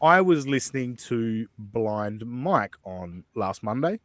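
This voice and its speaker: Animated, rambling podcast man. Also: medium pitch, takes it slowly, no room sound. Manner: rambling, profane and laughing, with many fillers. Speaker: podcast host. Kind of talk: casual chat, reading out messages.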